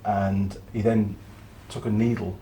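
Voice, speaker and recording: A man's voice: on the low side, level tone, measured pace, dark tone. A man hosting a mechanics channel, telling a story in casual workshop chat and swearing now and then.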